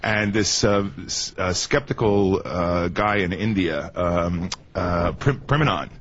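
A low-pitched man speaks calmly as a guest magician on a radio interview. He tosses in dry, wisecracking asides. The broadcast sounds slightly dull, with faint noise underneath. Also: slow pace.

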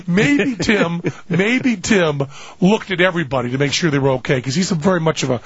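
A man hosting a radio talk show, telling a story in a casual way, shouting the lines he quotes and laughing often. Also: on the high side, moderate pace, husky, dry recording, lo-fi sound.

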